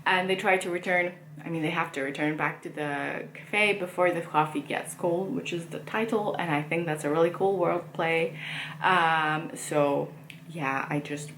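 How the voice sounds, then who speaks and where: A woman's voice: deep voice, steady tone, normal speed, fairly bright tone, roomy sound, a little hiss or hum. A woman chatting casually about books she read and plans to read, rambling with frequent fillers. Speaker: book vlogger. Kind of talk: casual book chat.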